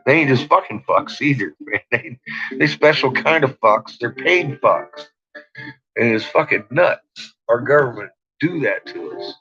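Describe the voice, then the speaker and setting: A man's voice: medium pitch, expressive, unhurried, sharp tone, soft background music. Swearing, laughing man ranting on lo-fi stream. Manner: profane and ranting, breaks into frequent laughter. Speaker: livestream host talking to his chat. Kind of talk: late-night ranting livestream chat. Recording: dull lo-fi stream audio.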